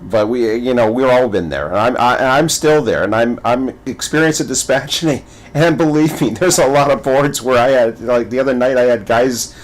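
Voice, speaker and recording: A male gaming creator talks at normal speed in a mid-range voice, barely pausing at all. His casual commentary is animated and playful, rambling along with repeated words and stumbling thoughts.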